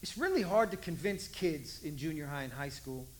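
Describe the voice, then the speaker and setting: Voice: medium pitch, animated, moderate pace. A pastor giving a conversational sermon, repeating key lines for emphasis. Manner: conversational, acts out voices, emphatic repetition.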